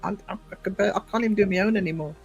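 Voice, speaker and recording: A man's voice: high voice, rapid-fire, lo-fi sound, soft background music. A man with a northern English accent hosting a livestream, chatting playfully and laughing often. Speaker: livestream host. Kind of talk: casual chat.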